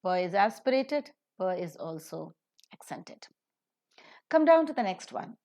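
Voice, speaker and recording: A woman's voice: mid-range voice, very animated, darkish tone. Woman teaching pronunciation. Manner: slow, deliberately stressed example sentences. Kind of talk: recorded lecture.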